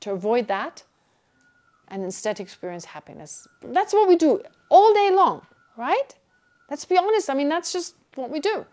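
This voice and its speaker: A woman teaches Buddhist ideas to a class in a meditation hall. Her voice sits a little high, and she keeps it lively, with jokes and questions thrown back at the listeners. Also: moderate pace. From Germany. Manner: lively, joking, asks the class rhetorical questions.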